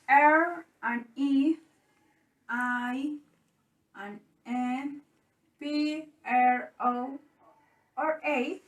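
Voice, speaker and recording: A young woman with a Colombian Spanish accent, a native Spanish speaker, presenting word stress rules deliberately, spelling out letters and repeating example words. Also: high voice, fairly bright tone. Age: young adult. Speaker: student presenter. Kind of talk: reading phonetics rules for a lesson. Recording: echoey room, distant from the mic.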